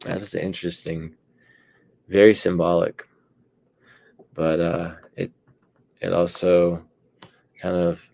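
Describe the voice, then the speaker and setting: A man speaking as a panelist in a casual discussion, hesitant and pausing often with fillers. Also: sits low, little pitch movement, gravelly, darkish tone, no room sound. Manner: hesitant, many fillers and pauses.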